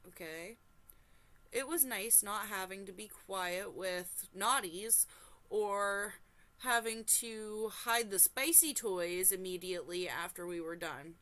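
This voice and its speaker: A woman reads a forum story aloud at an unhurried pace, her voice bright and forward. She keeps stopping for animated, exclaiming asides and apologies. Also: mid-range voice. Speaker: reaction channel host.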